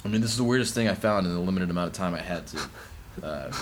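A man's voice: sits low, very fast, noisy background. A young man co-hosting a loose, comedic podcast chat, rambling goofily and sometimes breaking into silly songs. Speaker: podcast co-host.

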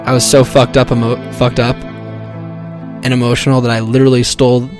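A man's voice: medium pitch, level tone, brisk. A young man telling a comic personal story in a casual, profane, self-mocking way, full of fillers. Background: music.

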